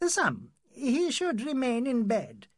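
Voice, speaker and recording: A man's voice: extremely high pitch, wildly swooping pitch, takes it slowly, husky, no echo, studio quality, pitched above the performer's own voice, full character voice. A man voicing a fussy, nervous older male doctor who is flustered and indignant and speaks broken English. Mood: guarded.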